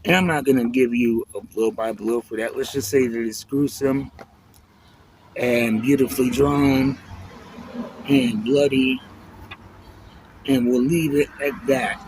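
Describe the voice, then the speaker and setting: A man reviewing a comic book in a relaxed, reflective way, leaning on "you know" as he talks it through. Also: medium pitch, slow pace, pauses often, background noise. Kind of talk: casual spoken review.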